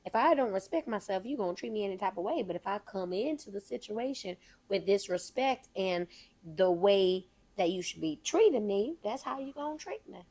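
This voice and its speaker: A woman hosting a casual podcast conversation, playful and quick to joke and laugh. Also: mid-range voice, lively intonation, warm tone. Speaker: podcast host.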